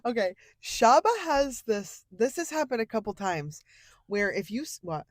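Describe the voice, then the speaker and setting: A woman's voice: fairly high pitch, very animated, moderate pace, no echo, studio quality. A woman co-hosting a podcast in casual chat, joking and teasing with frequent laughter. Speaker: podcast co-host. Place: podcast studio.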